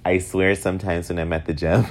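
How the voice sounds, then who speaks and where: A man in his thirties from upstate New York, telling self-mocking stories in a casual, animated way. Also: brisk. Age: 30s. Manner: animated, self-mocking, swings up high for acted quotes. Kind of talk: casual storytelling monologue.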